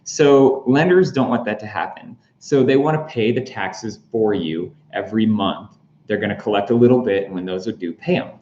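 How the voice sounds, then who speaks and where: A man's voice: fairly low pitch, normal speed, warm tone, slight background noise. A man hosting a casual explainer vlog, chatty and full of fillers and jokey asides. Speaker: real estate explainer host. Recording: roomy, slightly dull recording.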